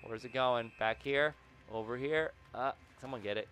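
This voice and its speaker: A man giving casual, excitable commentary over his own gameplay, muttering to himself, then yelling when things happen. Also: moderate pace, clean tone, dry recording, faint music behind. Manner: excitable, swings between low muttering and sudden yells; talks to the game and himself, repeats phrases. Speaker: gaming video creator.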